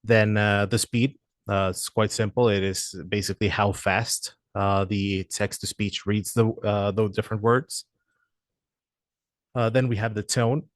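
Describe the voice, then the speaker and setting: A man explaining software features in a walkthrough, hesitant and full of "uh" fillers. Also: on the low side, steady tone, a little slow, no room sound, studio quality. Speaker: product presenter.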